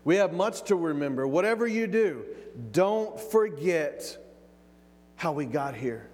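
A preacher with a fairly high voice, delivering a sermon emphatically and stretching out key words. His voice rolls through the long reverb of a large hall. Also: expressive, darkish tone, faint music behind. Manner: emphatic, drawn-out pauses, calls of amen.

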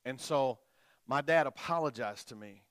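A middle-aged man preaching a sermon and telling a personal story, swinging between quiet, soft telling and loud, emphatic preaching. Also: mid-range voice, normal speed, no echo, clean studio sound.

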